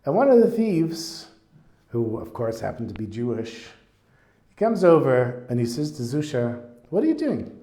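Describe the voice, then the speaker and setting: A man teaching a Torah lesson in a chatty, animated storytelling way, with fillers. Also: medium pitch, normal speed. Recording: roomy echo.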